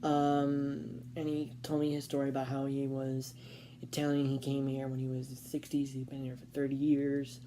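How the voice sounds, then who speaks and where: A woman's voice: extremely low pitch, completely flat delivery, normal speed, mellow, slight background noise. A woman vlogger telling a casual storytime, rambling with fillers and restarts.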